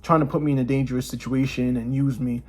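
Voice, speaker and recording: A man vlogging casually, telling a personal story and acting out the quotes in higher voices. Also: little pitch movement, quick pace, darkish tone, soft background music.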